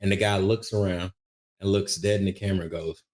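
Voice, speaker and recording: Speaking fairly quickly, a middle-aged man with a very low, deep voice shares stories as an interview podcast guest. His delivery is energetic, full of sentence restarts, and his easygoing talk suggests a veteran producer.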